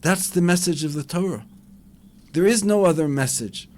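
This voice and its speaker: A man's voice: fairly high pitch, moderate pace, a little mellow. A man, a rabbi, giving an impassioned Torah lecture and acting out dialogues with a rising voice.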